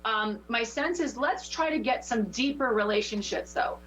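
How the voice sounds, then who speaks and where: A woman working as a spiritual teacher who gives oracle card readings and coaching in a passionate, preachy, lively way. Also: fairly high pitch, moderate pace, slight background noise, rough recording. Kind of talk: intuitive coaching chat.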